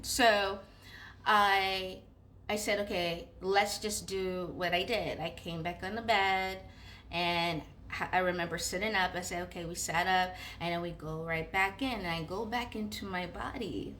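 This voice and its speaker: A young woman casually telling a personal story, animated, with many fillers and acted-out inner dialogue. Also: medium pitch, a little slow, slight background noise. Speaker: vlogger.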